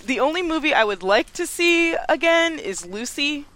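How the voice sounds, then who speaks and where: A woman co-hosting a film podcast, enthusiastic and quick to laugh. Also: sits high, lively intonation, fairly bright tone. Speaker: podcast co-host. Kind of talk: casual podcast chat.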